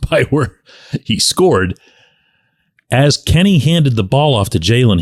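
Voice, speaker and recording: A middle-aged man hosting daily sports commentary, telling stories in an animated way and acting out quotes. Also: dry recording, studio quality. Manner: animated storyteller, acts out quotes with big pitch jumps. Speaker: sports columnist and show host.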